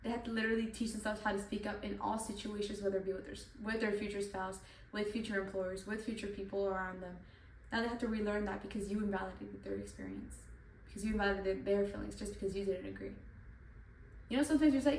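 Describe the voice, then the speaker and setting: A young woman who hosts the channel gives an earnest devotional talk on the Bible, speaking quickly in a medium-pitched, darkish voice and repeating herself with plenty of "like" fillers. She sits off-mic at a distance in an echoey room, with faint noise behind her.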